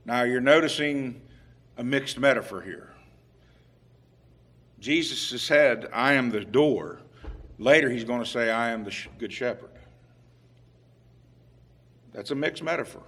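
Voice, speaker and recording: A man preaching a sermon, unhurried with occasional fillers, growing emphatic and louder on key points. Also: medium pitch, slightly rough. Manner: emphatic, rising in volume on scripture quotes.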